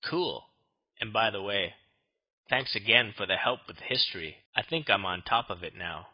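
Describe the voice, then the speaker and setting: A man voices a laid-back college guy in a scripted textbook dialog. He has a low, husky voice, and the sound is muffled and lo-fi. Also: normal speed, close to an everyday voice. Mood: casual. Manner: casual, easygoing. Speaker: dialog actor. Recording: muffled lo-fi studio recording.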